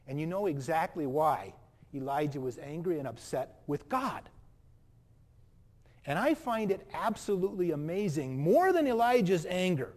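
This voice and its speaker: Earnest high-voiced preacher in reverberant hall. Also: male voice. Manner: earnest, swings between loud emphasis and hushed soft passages. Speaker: pastor. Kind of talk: sermon. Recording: long reverb of a large hall.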